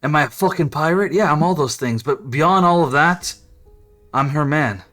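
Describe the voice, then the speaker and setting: A woman's voice: low voice, unhurried, a bit bright, no room sound, faint music behind. A woman voicing a brash, lovesick male pirate who swears a lot and speaks with earnest devotion.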